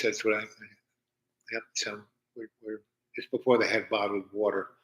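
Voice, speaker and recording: An older man from New York telling a long personal story in a halting way, full of fillers and restarts. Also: medium pitch, little pitch movement, pushed and bright, low-quality recording. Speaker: storyteller host. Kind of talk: rambling personal anecdote.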